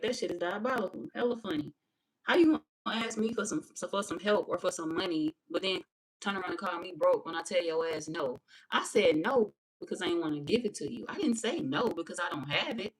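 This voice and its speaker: Brash woman tarot reader, lower voice, cussing and laughing through a live reading. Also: fairly quick, husky, low-quality recording. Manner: brash, profane, animated, laughing.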